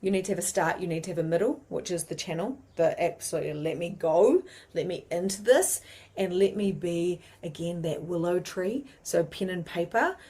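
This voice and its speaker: A woman with a New Zealand accent teaching mediumship in a chatty, animated way, with many fillers. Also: lowish voice, normal speed. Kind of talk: casual teaching monologue.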